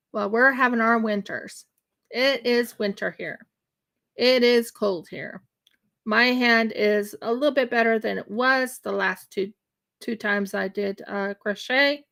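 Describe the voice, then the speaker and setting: Woman, craft livestream host, casual rambling chat, halting fillers, gravelly, unhurried. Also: on the high side, a bit bright. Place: home in winter.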